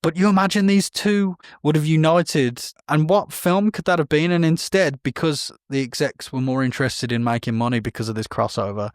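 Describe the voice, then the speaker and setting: A man's voice: fairly high pitch, moderate pace, few pauses, no echo, clean studio sound. A man, co-hosting a podcast and chatting casually about film news in a rambling, self-correcting way. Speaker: podcast co-host.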